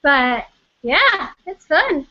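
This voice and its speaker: Bright, high-voiced bubbly woman. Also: big pitch swings, extremely slow, lo-fi sound. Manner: bubbly, giggly, chatty. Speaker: guest, actress and voice actor. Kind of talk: casual interview chat.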